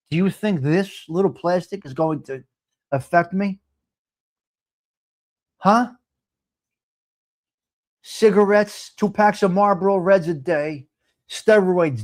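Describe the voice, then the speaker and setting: Brief: New man in his late fifties, high-pitched for a man, loud profane live-stream host who rants and addresses his viewers directly. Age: 50s. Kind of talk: casual chat to live chat viewers.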